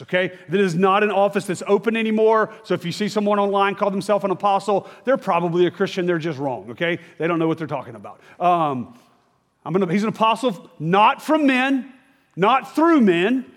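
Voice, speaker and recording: A man's voice: high voice, in a large hall. A man preaching a sermon as pastor, talking in a conversational, emphatic way and often checking in with his listeners.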